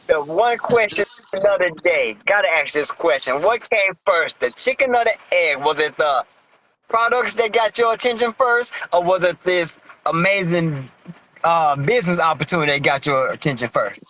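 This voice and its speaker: High, bright-voiced podcast host man. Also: lively intonation, moderate pace, a little hiss or hum, low-quality recording. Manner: upbeat, slangy hype. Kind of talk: casual podcast interview.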